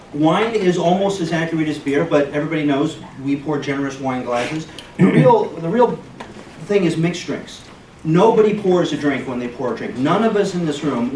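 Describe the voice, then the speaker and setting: A man speaks as a physician at a hospital conference, telling jokes and then lecturing in a casual, conversational way. His voice sits a little high for a man. The sound is distant and echoey, with room noise in the background. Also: darkish tone. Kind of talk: medical conference talk.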